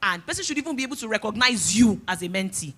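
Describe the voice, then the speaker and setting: Bright-voiced woman giving advice. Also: medium pitch, animated, rapid-fire. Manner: earnest, direct advice with spoken fillers. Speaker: guest speaker. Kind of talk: conference talk giving career advice. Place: conference stage before an audience.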